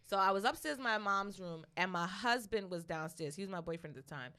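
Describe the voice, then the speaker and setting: A young adult woman co-hosting a podcast, telling a story in a casual, animated way, with plenty of profanity and laughter. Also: medium pitch, a little fast. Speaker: podcast co-host.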